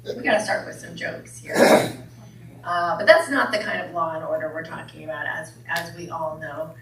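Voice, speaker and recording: A woman's voice: low-pitched, normal speed, gravelly, fairly bright tone. A woman minister giving a playful sermon with jokes, often asking the congregation questions. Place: church hall. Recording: echoey hall from a distance.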